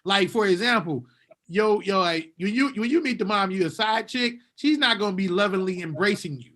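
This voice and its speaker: A man co-hosting a podcast in casual chat, animated and laughing often. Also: high-pitched, brisk. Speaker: podcast co-host.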